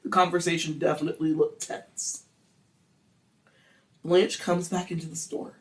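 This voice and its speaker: A podcast host spins a true-crime tale in loose, animated talk. The speech is crude and playful, and the voice sits a little back from the microphone. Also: mid-range voice, moderate pace, recorded from a distance. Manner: animated, crude, acts out quotes. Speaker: podcast host telling the story. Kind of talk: casual true-crime storytelling.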